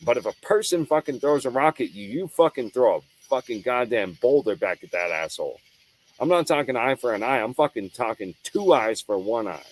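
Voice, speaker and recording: A man's voice: medium pitch, expressive, moderate pace, low-quality recording. A man hosting his own show, giving a heated, profane, unscripted monologue with hard emphasis and frequent restarts. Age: adult. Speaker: show host.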